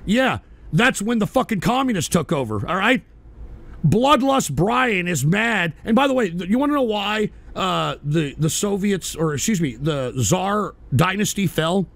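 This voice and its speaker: An American man hosting a radio show, ranting about politics with heavy profanity and shouted bursts. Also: sits high, gravelly. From United States. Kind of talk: angry political rant.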